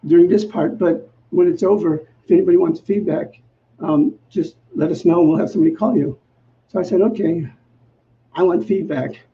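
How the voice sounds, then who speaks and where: A high-voiced male minister telling a story in a sermon, playing out each side of the conversation with self-mocking humor. The recording is a little dull and muffled, with a faint hiss behind him. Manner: acts out quoted dialogue in a lively, self-mocking way. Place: church sanctuary.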